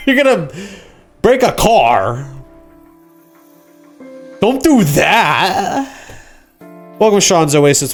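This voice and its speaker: A man with a slightly high voice chats casually to his livestream audience, rambling from one joke to the next. Now and then he acts out shouted quotes. Faint guitar music plays underneath. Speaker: livestream host.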